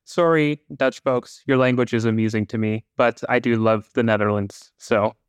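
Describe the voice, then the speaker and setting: A man's voice: medium pitch, steady tone, normal speed, clean tone, no echo. A man co-hosting a podcast in casual, joking conversation, often asking "right?". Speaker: podcast co-host.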